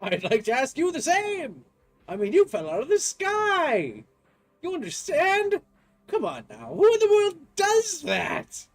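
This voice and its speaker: A man doing a fussy, genteel professor with a prim, posh put-on accent. His voice jumps up high and swoops around as he fusses politely, over soft game music. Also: big pitch swings, moderate pace. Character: fussy, genteel old-fashioned male professor.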